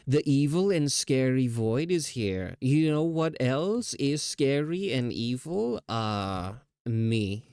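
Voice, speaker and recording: A man's voice: medium pitch, very animated, slow, hardly any pauses, a little mellow, clear, resonant tone, dry recording. A man streaming live, chatting casually in a rambling, self-teasing way with laughs.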